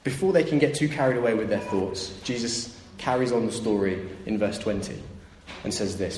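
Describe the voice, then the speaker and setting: A man's voice: lowish voice, brisk, darkish tone, slight background noise. A man delivers a sermon, retelling a parable and slipping into the voices of its people. His voice rings through a large, echoey hall with faint ambience behind it. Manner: storytelling, acts out voices of the story's characters. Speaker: preacher.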